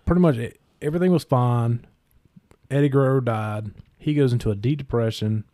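A man's voice: mid-range voice, fairly quick, mellow, no room sound, clean studio sound. A young man hosting a podcast, telling a long story in a rambling, profane way full of fillers like "um" and "you know.". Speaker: podcast host. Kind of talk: casual storytelling chat.

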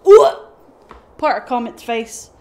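Woman game streamer, young; high, lively pitch, unhurried chat. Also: slight background noise. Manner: excitable, swears, laughs, talks to her dog. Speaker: gaming streamer.

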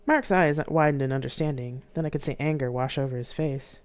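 Author, live reading, expressive, dramatic, mid pitch. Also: brisk, hardly any pauses, smooth. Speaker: author reading own novel aloud. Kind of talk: live-streamed audiobook reading.

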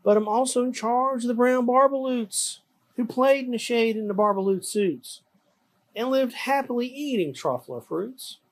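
A reader voicing a grumpy old male forest creature, croaking and scolding in a storybook read-aloud. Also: mid-range voice, lively intonation, normal speed, voice pushed up. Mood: stern. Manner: scolding, indignant.

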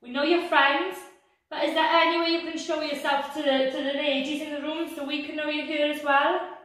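A woman's voice: high-pitched, little pitch movement, fairly quick, fairly bright tone. A woman on a paranormal investigation, chatty and incredulous, inside an old control tower. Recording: echoey room with people around.

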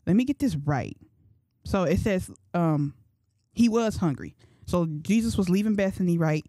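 A young woman in her twenties hosts a faith podcast, chatting in a loose, slangy way and thinking out loud as she goes. Her voice sits low and sounds mellow and relaxed. The sound is dry and close, with no room echo. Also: moderate pace. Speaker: podcast host. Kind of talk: casual faith talk.

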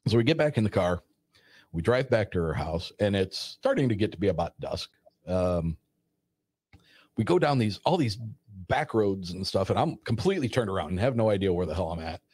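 A man with a very low voice tells a personal story in a loose, rambling way, slipping into the voices of the people he quotes. The recording is dry and close to the mic, with no room sound. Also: brisk, breathy edge, no echo. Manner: rambling, animated retelling with quoted dialogue. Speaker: storyteller guest. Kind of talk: casual spoken story.

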